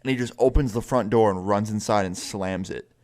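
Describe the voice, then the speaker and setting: A young man with a lowish voice tells a story in loose, casual storytime fashion. He rambles, swears freely and drops "like" into nearly every sentence. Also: brisk, a little mellow. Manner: profane, rambling, full of filler "like".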